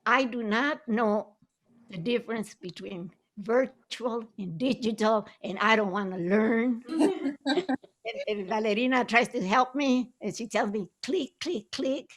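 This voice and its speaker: Her voice sits a little high as this older woman, a Southern Arizona playwright and actress, chats casually on a video call about memories. She laughs often and weaves Spanish phrases into her English.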